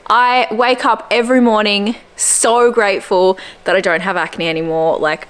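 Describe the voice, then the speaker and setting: A woman's voice: steady tone, moderate pace, smooth. A young woman talking casually to camera about her day at home, chatty and upbeat. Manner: chatty and upbeat, drifting into squeaky baby talk for her dog. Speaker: fitness vlogger. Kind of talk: casual vlog chat to camera.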